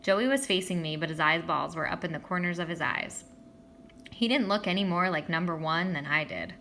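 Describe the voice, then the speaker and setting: Female reader, bright forceful tone, expressive storybook narration that voices every character. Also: lowish voice, moderate pace, slight background noise. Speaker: audiobook reader. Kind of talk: reading a children's novel aloud.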